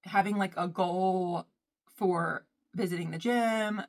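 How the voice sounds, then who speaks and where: A beauty vlogger with a lowish voice takes her time as she chats casually while doing her makeup. She is chatty and rambling, and says "y'all" a lot.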